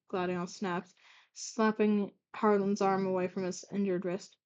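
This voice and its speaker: A woman's voice: mid-range voice, steady tone, moderate pace, darkish tone, highs cut off. A young woman casually reading her own old fanfic aloud, stuttering and stumbling with fillers and self-corrections, and commenting along the way.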